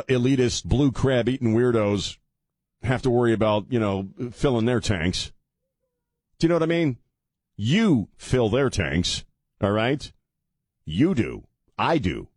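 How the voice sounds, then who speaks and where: A man's voice: medium pitch, a little mellow, no room sound, studio quality. A man hosting a talk radio show, giving mocking, sarcastic political commentary and laughing at his own jokes.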